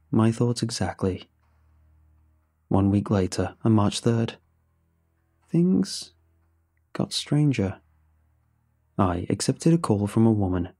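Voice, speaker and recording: A man narrates a first-person horror story with a dark, mellow tone and a husky edge to his voice. He keeps the delivery measured and suspenseful, letting the tension build line by line. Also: on the low side, no echo, clean studio sound.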